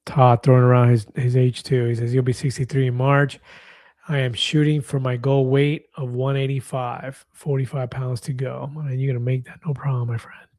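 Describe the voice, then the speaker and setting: 50s guy chatting on his livestream, easygoing, reads out comments, warm low-key tone. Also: level tone, normal speed, dry recording. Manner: chatty, reads viewer comments aloud, laughs easily. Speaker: livestream host. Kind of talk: casual livestream chat.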